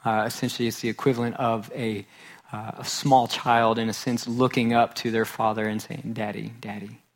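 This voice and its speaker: A man's voice: medium pitch, flat delivery, normal speed. A man in his thirties preaching a sermon in an earnest way, repeating phrases for emphasis. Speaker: pastor.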